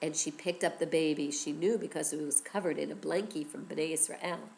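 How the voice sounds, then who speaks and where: A woman teacher telling a story to children, animated and expressive, often asking questions. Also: low-pitched, brisk, gravelly.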